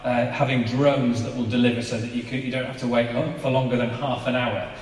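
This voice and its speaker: A man in his thirties delivers a relaxed, conversational sermon, often turning to the congregation with rhetorical questions. His voice sits at an ordinary pitch and is picked up from a distance. It rings out with the long reverb of a large hall. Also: fairly quick. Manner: chatty, asks the audience rhetorical questions. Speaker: preacher. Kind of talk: informal sermon. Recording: echoey hall from far off.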